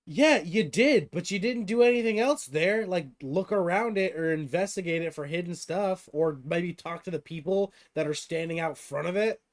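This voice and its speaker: A man's voice: high voice, moderate pace, few pauses. A man narrating as game master in a tabletop game, teasing his players and swearing casually.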